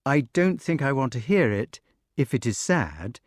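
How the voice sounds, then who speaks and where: A man's voice: medium pitch, big pitch swings, unhurried, no echo, clean studio sound. A man voicing a curious, tender-hearted young boy who speaks politely and hesitantly, in an audiobook.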